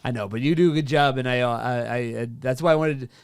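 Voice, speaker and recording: A man's voice: medium pitch, fast, clean tone, dry recording, studio quality. Stammering young male comedian guest. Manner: stammering restarts, frequent laughing agreement. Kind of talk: casual chat.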